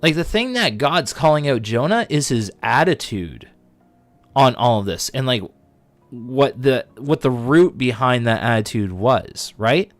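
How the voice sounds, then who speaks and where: A man hosting a casual Bible talk on a livestream, animated and full of fillers. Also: mid-range voice, measured pace, faint music behind. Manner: animated, filler-heavy, lots of likes. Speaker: livestream host.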